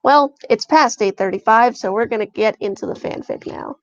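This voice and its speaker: A woman's voice: fairly high pitch, normal speed, no echo, dull audio. A young woman streaming a casual reaction, reading fanfiction aloud and chatting emotionally to herself.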